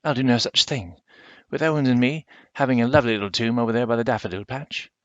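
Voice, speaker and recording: A man voicing a motherly, old-fashioned ghost woman from the country with a warm voice, fussy and suspicious, read from a storybook over a webcam. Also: medium pitch, fast talker, no echo, voice pushed up, natural voice. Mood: fussy, doting. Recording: dull lo-fi webcam sound.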